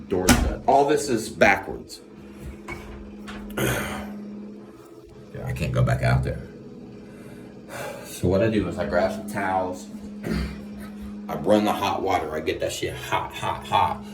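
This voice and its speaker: Man, lowish voice, profane comic storyteller who acts scenes out. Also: noisy background.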